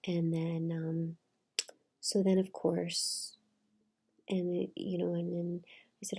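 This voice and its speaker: A middle-aged woman retelling a personal story in a soft, half-whispered way, with many fillers. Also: on the low side, little pitch movement, measured pace, creaky, breathy edge. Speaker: channel host.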